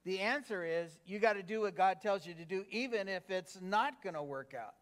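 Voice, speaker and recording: High-voiced pastor preaching a sermon. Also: male voice, normal speed. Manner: engaging, asks the congregation questions; conversational with fillers.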